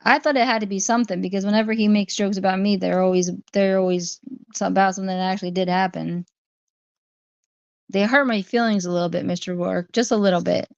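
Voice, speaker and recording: Gravelly-voiced woman chatting on a livestream. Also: medium pitch, fairly even intonation, quick pace, no echo. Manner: chatty, answering viewers' chat comments one by one. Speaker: livestream host. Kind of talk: casual livestream chat. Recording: dry, dull lo-fi stream audio.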